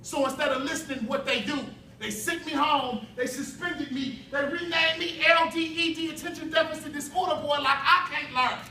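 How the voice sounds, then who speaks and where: A high, bright-toned man performs spoken word with fervent, rhythmic repetition that rises into shouts. He is heard from a distance in an echoey hall. A faint murmur of ambience sits behind him. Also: moderate pace, few pauses, slight background noise. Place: youth summit hall.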